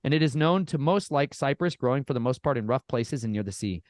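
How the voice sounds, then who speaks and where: Animated folksy man, dry close sound. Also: medium pitch, fast talker, dry recording. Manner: animated, folksy, addresses listeners as y'all. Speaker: podcast guest. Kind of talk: casual storytelling chat.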